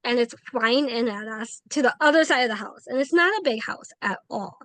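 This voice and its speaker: Brief: woman guest, fairly high voice, chatty storyteller who acts out every quote, dry close sound. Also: a little fast, dry recording. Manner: animated, acts out quoted dialogue, frequent "like". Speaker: paranormal investigator, guest. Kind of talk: casual interview storytelling.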